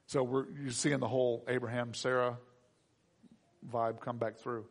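A man's voice: mid-range voice, flat delivery, moderate pace. A man preaching a sermon as pastor, conversational and joking, with frequent fillers and restarts.

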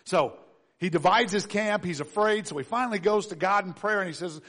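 High-voiced pastor telling a story. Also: male voice, brisk. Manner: animated, conversational, asks the audience questions. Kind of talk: storytelling sermon.

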